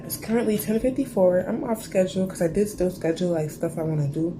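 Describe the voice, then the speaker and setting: A woman's voice: on the low side, a little fast, hardly any pauses, noisy background. A teenage girl with a stuffy cold, chatting casually to camera in a rambling vlog, full of "like" and "bro". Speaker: lifestyle vlogger.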